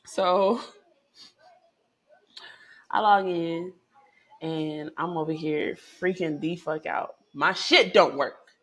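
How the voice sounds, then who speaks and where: Animated, profane woman telling a story. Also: slow. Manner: animated, profane, chatty storytelling with swings in pitch and loudness. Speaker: vlogger. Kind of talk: casual storytelling to camera.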